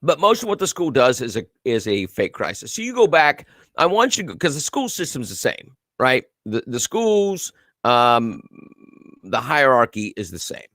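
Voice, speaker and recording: A man's voice: mid-range voice, very animated, normal speed, a bit bright, no room sound, studio quality. A man hosting a casual live commentary show, reading viewer comments and news aloud with a sarcastic edge. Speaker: host.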